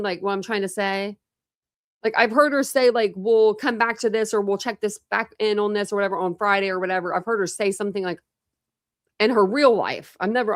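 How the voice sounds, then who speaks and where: A woman's voice: fairly high pitch, no echo. Chatty woman host, dry close sound. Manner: rambling, thinks aloud with many restarts. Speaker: true crime livestream host. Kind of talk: casual chat with live viewers.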